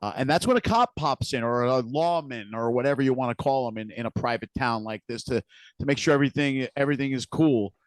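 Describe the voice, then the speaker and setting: Talking fast in a medium-pitched voice with no echo, a male podcast co-host casually recaps scenes. He restarts frequently and repeats words as he goes.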